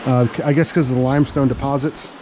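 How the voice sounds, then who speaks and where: A man's voice: mid-range voice, level tone, fast, mellow, a little hiss or hum. A middle-aged man, chatting casually as he vlogs outdoors by a cave. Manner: folksy and chatty, talks sweetly to a stray dog. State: out of breath from climbing a hill. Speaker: vlogger. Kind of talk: casual outdoor vlog narration.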